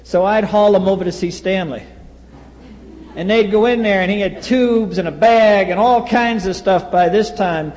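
A man's voice: sits high, normal speed, a little mellow, slight background noise. A man, telling a blunt, wry personal story at a recovery meeting. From US East Coast. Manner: wry, blunt, acts out quoted voices. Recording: reverberant hall.

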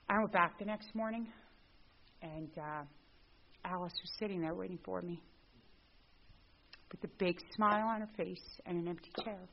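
A middle-aged woman telling her recovery story to a group. She is a lively storyteller who acts out the dialogue. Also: on the low side, normal speed, gravelly, long pauses. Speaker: speaker at a recovery meeting. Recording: dull lo-fi recording.

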